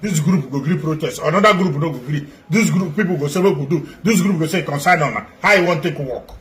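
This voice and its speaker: A man's voice: a little high, fast talker. A man with a Nigerian Pidgin accent, an activist making an emphatic, repetitive appeal.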